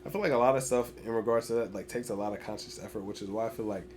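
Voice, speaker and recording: Young guy, quick and slightly low-voiced, animated storyteller in casual podcast chat, faint hum behind. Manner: animated storyteller, heavy "like" filler. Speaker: podcast guest.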